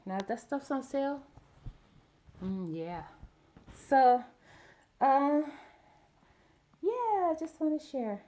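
A woman's voice: sits high, lively intonation, takes it slowly, long pauses, mellow. Chatty woman gushing over a quilt. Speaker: video blogger. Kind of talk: casual show-and-tell vlog.

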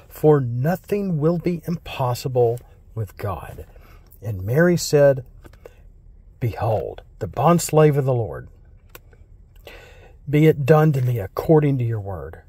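An American man reading Bible verses slowly and solemnly, then explaining them in a casual, rambling way. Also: mid-range voice, dark tone, husky, no echo. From United States. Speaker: Bible teacher.

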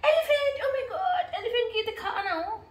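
A woman's voice: extremely high pitch, expressive, brisk, reverberant. A woman playing with her child in a home video, coaxing and singing in sing-song baby talk.

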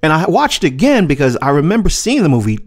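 A man hosting his own show, talking in an emphatic, swearing monologue. His pitch swings widely as he presses his points, often repeating himself. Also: big pitch swings, fast talker. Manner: emphatic, repetitive, profane. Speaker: podcast host. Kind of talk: casual commentary monologue.

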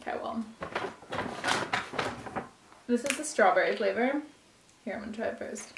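A woman's voice: a little high, normal speed. Young woman, casual vlogger, chatty, "like" fillers, echoey room, faint hiss. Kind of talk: casual taste-test chat.

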